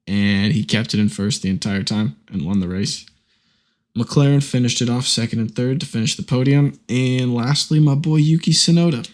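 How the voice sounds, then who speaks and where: Young man giving a laid-back race recap. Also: medium pitch. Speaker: podcast co-host. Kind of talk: casual sports recap.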